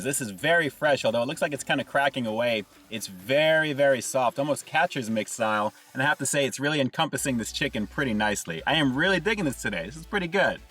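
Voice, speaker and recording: A man's voice: mid-range voice, fairly bright tone, recorded from a distance. A man hosting a casual food review from inside a car, upbeat and chatty, who keeps calling his viewers "guys". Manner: upbeat, keeps saying "guys" and "really digging".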